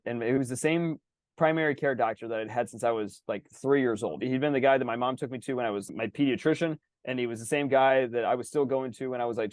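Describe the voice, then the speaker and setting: A man in his thirties hosting a podcast, telling a personal story in casual, animated chat, swearing and acting out the dialogue. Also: mid-range voice, no room sound. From Indianapolis. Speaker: podcast host.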